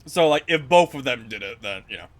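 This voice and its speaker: While playing a video game with friends, a man keeps up a loose, joking commentary, animated and quick to curse, at a medium pitch.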